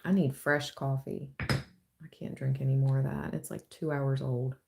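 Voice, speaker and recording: A woman giving a casual live-stream tarot reading, chatty and thinking aloud with drawn-out phrases. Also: very deep voice, flat delivery, vocal fry, darkish tone, slight background noise. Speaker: tarot reader.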